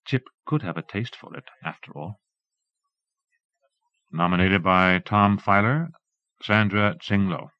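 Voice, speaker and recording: Low-voiced man reading an audiobook. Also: no room sound. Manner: measured, even literary reading. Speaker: audiobook narrator. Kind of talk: scripted audiobook narration. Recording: dull lo-fi cassette transfer.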